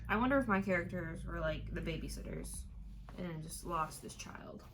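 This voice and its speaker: A woman's voice: fairly low pitch, moderate pace. Young woman, wry and chatty, reviewing a board game, faint noise. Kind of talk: casual game review chat.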